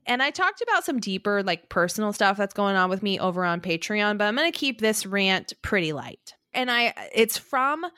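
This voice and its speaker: A woman's voice: medium pitch, big pitch swings, moderate pace, hardly any pauses, pushed and bright, smooth, dry recording, clean studio sound. A woman co-hosting a podcast, ranting lightly in casual chat with a chatty, easygoing manner. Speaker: podcast co-host.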